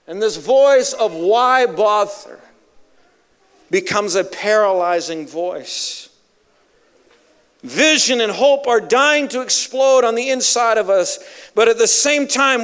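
A man's voice: sits high, unhurried, a bit bright, clean tone. A male evangelist preaching a sermon with emphatic, dramatic storytelling.

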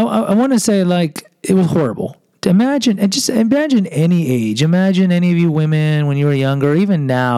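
A gravelly, mellow, mid-range male voice belongs to a Houston, Texas podcast host telling a personal story that pokes fun at himself. He acts out the quoted voices, and the poor audio carries no echo.

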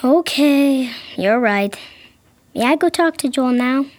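In a family audio drama, a woman plays a young girl who is hurt and sulking at her brother, using a pouty, whiny child's voice. Her pitch sits high and her delivery is animated but slow, with no room sound. The mood is upset.

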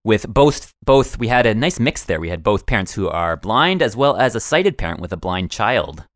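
Male co-host, deep dry voice, casual easygoing recap. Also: big pitch swings, moderate pace, no room sound. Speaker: podcast co-host.

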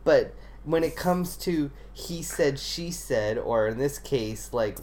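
A man's voice: mid-range voice, animated, slow pace, a little mellow, a little hiss or hum. A man chatting casually as a podcast co-host, laid-back and profane, hedging with "you know" and "like.". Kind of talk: casual chat.

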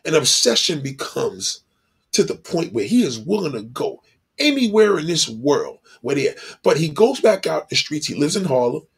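A man delivering a blunt, profane monologue, animated and acting out the people he talks about. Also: a little high, moderate pace, gravelly, breathy edge.

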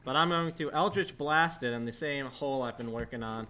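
A man's voice: medium pitch, fairly quick, sharp tone. A man playing in a tabletop game, joking often during casual chat. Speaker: player.

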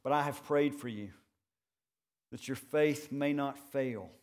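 A man preaching a sermon, earnest and measured, building points with rhetorical questions and repeated phrases. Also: mid-range voice, a little mellow. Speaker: pastor.

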